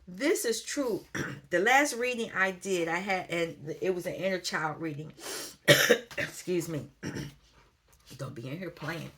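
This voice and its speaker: Woman, low voice, casual tarot reader at home, chatty and unhurried, faint noise behind. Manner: relaxed, chatty, thinks aloud, reads card text slowly. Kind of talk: casual spoken tarot reading.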